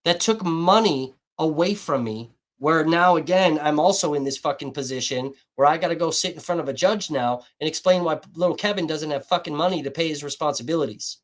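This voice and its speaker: A man's voice: on the high side, fairly quick, hardly any pauses. A man hosting a livestream, ranting bluntly and abrasively with heavy swearing. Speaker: livestream host. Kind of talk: heated livestream rant.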